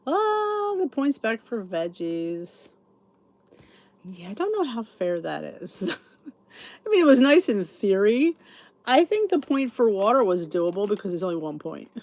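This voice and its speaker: This middle-aged woman's podcast voice is mid-range, darkish and very animated, though her pace stays measured. Yawning and drowsy, she rambles casually, musing aloud and replying to live comments.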